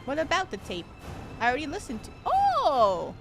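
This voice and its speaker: A young woman streaming a video game live, excitable, shrieking and yelling when things get tense. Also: sits high, normal speed. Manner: excitable, shrieks and yells under pressure. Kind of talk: live gameplay commentary. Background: game music.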